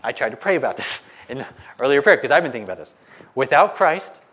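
A male pastor preaching a slow, emphatic Bible-teaching sermon in a church, stopping for rhetorical questions. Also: mid-range voice, very animated, fairly bright tone, slightly rough.

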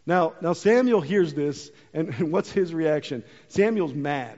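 A pastor giving a sermon, reading scripture aloud, then explaining it in a casual, conversational way. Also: male voice, on the high side, lively intonation, a little slow, few pauses, darkish tone. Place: church sanctuary. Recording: muffled hall recording.

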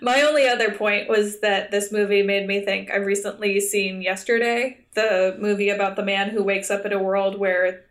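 A woman's voice: medium pitch, steady tone, moderate pace. A woman co-hosting a podcast, chatting casually with plenty of laughs and jokes. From Canada. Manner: giggly, jokey, acts out quoted voices. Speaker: podcast co-host. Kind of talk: casual chat.

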